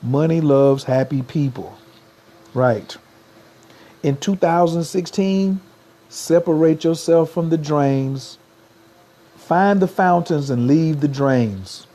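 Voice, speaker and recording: A man's voice: a little high, mellow. A man, giving a motivational livestream talk as a spiritual coach, repeating slogans and urging viewers to type them.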